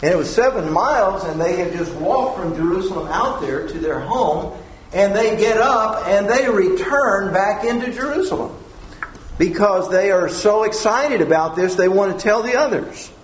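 Brief: male Bible teacher, conversational and animated, somewhat high voice. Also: normal speed, a little hiss or hum. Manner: conversational, with lively retelling. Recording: echoey room.

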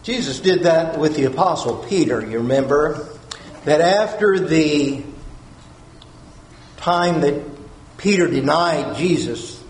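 A man preaching a sermon, earnest, repeating key phrases and asking his listeners questions. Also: on the high side. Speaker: pastor. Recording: roomy echo.

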